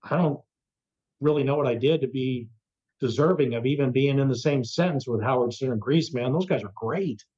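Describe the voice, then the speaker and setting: A man's voice: mid-range voice, fairly quick, breathy edge. Older guy radio host telling a wild story, does the voices, kinda muffled audio. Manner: animated anecdote telling, acts out quoted voices. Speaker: radio host, interview guest. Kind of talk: storytelling in an interview.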